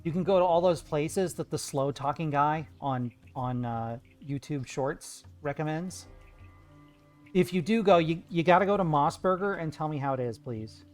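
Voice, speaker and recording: Slightly high-voiced guy goofing around with chat while painting, soft music behind. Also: normal speed. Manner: playful, jokey, chatty with viewers. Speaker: art streamer. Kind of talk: casual live-stream chat while painting.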